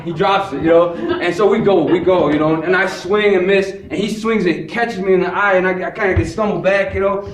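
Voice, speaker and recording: High-voiced man telling a story live. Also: normal speed, few pauses, heavy background noise. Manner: animated, acts out the voices of people in the story. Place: live stage before an audience. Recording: echoey room, far from the mic, audience.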